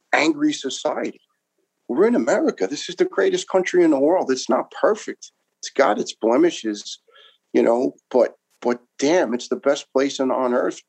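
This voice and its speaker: A man's voice: fairly low pitch, vocal fry, a little mellow, poor audio. A man in his fifties from New York, a retired firefighter telling his story in an interview with passion, emphasis and frequent restarts.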